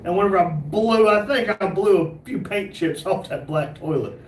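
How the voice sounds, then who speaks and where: Joking man, echoey and distant. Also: sits high. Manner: joking banter, quick laughs. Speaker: livestream co-host. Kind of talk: casual livestream chat. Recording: echoey room, distant mic, faint noise.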